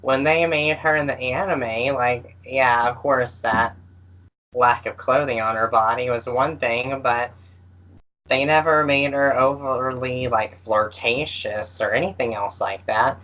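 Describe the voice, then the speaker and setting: A man's voice: medium pitch, fairly even intonation, bright, forceful tone, muffled recording. A man co-hosting a podcast in casual chat, hesitant and full of fillers. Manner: slow and hesitant, with many fillers. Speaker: podcast co-host. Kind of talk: casual chat about games.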